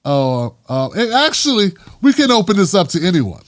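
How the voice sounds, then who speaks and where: A man delivers his own commentary in a high, lively voice that swings widely in pitch. He talks in an emphatic, street-casual way. The sound is dry and close. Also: normal speed, no room sound. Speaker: host. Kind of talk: political commentary vlog.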